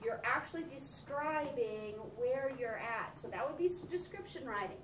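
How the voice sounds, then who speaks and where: Woman teacher, high voice, animated, explaining, recorded far off in an echoey classroom. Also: normal speed, noisy background. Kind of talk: classroom instruction.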